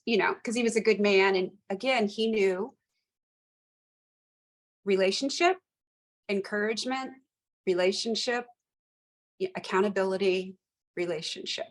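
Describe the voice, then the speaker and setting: A woman in her fifties, a retired police lieutenant, telling stories as a guest in an animated, emphatic way and repeating phrases for effect. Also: mid-range voice, moderate pace, pauses often. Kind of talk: conversational storytelling.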